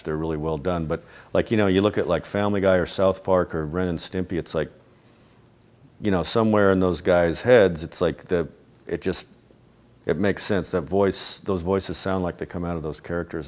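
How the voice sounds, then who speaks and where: A middle-aged man in an interview, talking casually and rambling, often restarting his sentences and laughing softly. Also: sits low. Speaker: interviewee, animation creator. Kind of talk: casual reflective interview talk.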